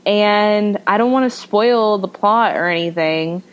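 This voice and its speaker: A woman's voice: mid-range voice, measured pace, smooth, poor audio. A young woman co-hosting a podcast, chatting casually and gushing with jokey enthusiasm. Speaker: podcast co-host. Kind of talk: casual chat.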